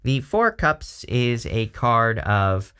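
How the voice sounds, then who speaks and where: A man's voice: medium pitch, sing-song, slow pace, sharp tone, clean tone. A man giving a casual tarot reading, talking loosely with many fillers and restarts. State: throat irritated by allergies. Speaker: tarot reader.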